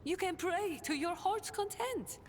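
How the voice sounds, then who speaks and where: A woman voicing a sly, worldly smuggler-trader who keeps up a refined front, in a theatrical video game delivery with hushed asides. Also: extremely high pitch, lively intonation, measured pace. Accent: non-standard accent. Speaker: game companion character. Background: game music.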